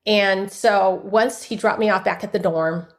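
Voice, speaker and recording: A woman's voice: mid-range voice, a little slow. A woman guest author telling an emotional personal story of faith in a casual interview. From United States. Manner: animated, personal testimony with faith talk.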